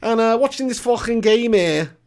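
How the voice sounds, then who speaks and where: A man voicing a swearing Liverpool lad with a put-on Scouse accent, talking in a high, exaggerated, coarse way. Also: animated, normal speed, darkish tone. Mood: ranting. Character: sweary Liverpool lad ranting about football.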